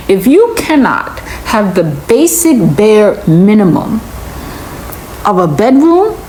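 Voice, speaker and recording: A woman's voice: mid-range voice, dark tone, a little hiss or hum, poor audio. A woman giving a reaction commentary, incredulous and lecturing, driving her points home by repeating them.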